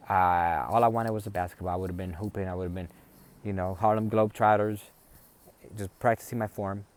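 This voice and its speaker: A man's voice: on the low side, a little mellow. A man telling a personal family story in a rambling, conversational way, full of restarts. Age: adult, a father.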